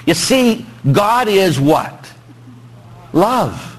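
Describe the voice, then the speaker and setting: Male priest, Pittsburgh accent, animated and joking sermon delivery, fairly high voice. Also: extremely slow, husky, poor audio. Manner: animated, joking with congregation, rising emphatic pitch. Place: church.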